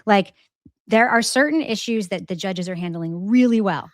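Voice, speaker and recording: A woman's voice: mid-range voice, normal speed, no echo, studio quality. A woman co-hosting a podcast, talking in an earnest, emphatic, casual way and swearing freely. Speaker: podcast co-host. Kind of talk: casual chat.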